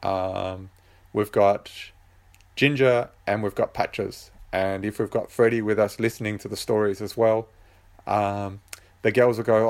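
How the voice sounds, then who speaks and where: A man's voice: on the low side, unhurried. A man who writes books, talking casually on his own show, hesitant and full of ums and uhs. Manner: relaxed, rambling. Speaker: author and podcast host. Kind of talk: casual solo chat.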